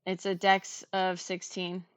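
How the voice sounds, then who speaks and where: Slow, hesitant woman player; smooth voice with some fry, dry close sound. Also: lowish voice, monotone, dry recording. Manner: hesitant, many fillers. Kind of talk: playing a tabletop game.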